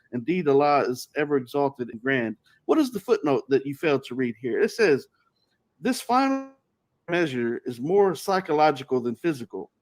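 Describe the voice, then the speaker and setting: A man reading scripture and footnotes aloud in a measured way, with small restarts. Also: a little high. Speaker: imam in a played clip.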